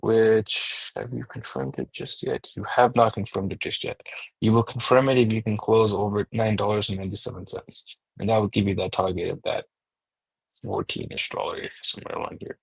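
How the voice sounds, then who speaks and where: A man walking through stock charts aloud, steady and number-heavy, thinking out loud as he goes. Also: lowish voice, moderate pace, gravelly, husky, no room sound, low-quality recording. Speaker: market analyst host. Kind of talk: technical chart analysis.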